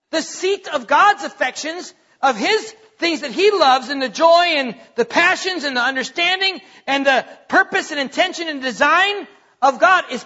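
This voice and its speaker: A man's voice: very high voice, sharp tone. A man preaching a sermon, speaking emphatically, repeating words as he builds points and quoting scripture. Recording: long hall reverb, dull lo-fi sound.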